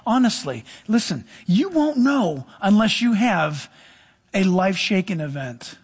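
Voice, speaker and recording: A middle-aged male pastor preaching a sermon, animated, with sudden drops to soft, low asides. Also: measured pace, breathy edge.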